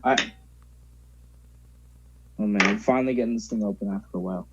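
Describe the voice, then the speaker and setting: A man's voice: fairly low pitch, fairly quick, highs cut off, noisy background. A young man talking casually as a podcast guest, firing off curious questions packed with "like" and other fillers. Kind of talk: casual chat.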